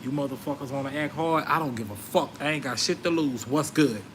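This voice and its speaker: A man's voice: mid-range voice, fairly quick, noisy background. A man telling street stories in a brash, confrontational, profane rant. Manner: brash, confrontational, animated retelling. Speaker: vlogger.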